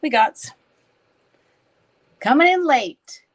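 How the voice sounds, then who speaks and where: A woman's voice: high-pitched, expressive, very slow. A middle-aged woman from Canada chatting casually on a live stream while she makes a card, joking about herself and talking to viewers by name. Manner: chatty, self-mocking, talks to viewers by name while working. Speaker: papercraft demonstrator live-streaming.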